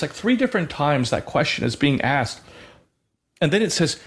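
A man's voice: fairly high pitch, lively intonation, a little fast. A man, a father, co-hosting a Christian show, talking earnestly in a conversational way with frequent fillers and restarts. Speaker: co-host of a Christian radio show. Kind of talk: conversational faith talk.

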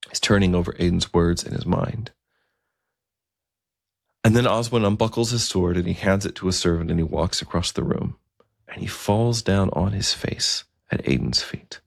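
A man narrating a historical story in a conversational, unhurried way with occasional fillers. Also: deep voice, gravelly, dry recording, clean studio sound.

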